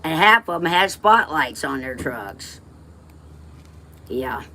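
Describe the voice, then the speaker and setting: A woman's voice: low voice, sing-song, slow pace, pushed and bright, a little hiss or hum. A woman from West Texas, livestreaming and telling rambling personal stories in a blunt, emotional way, swearing freely and drifting off topic.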